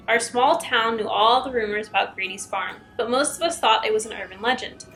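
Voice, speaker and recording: A woman's voice: on the high side, brisk, few pauses, a bit bright, soft background music, poor audio. A young woman reading scary stories aloud as a YouTuber, breaking in with chatty asides.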